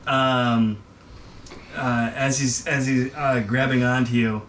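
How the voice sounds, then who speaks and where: A man's voice: mid-range voice, little pitch movement, slow pace, a bit bright, distant mic. A man running a tabletop game as game master, rambling with many ums and uhs. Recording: noisy room, voice from off mic.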